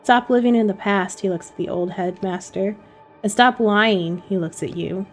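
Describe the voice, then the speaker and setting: A woman's voice: mid-range voice, normal speed, soft background music, natural voice. A woman voicing an arrogant young man in a game, speaking coldly and scornfully. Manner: cold, scornful, commanding.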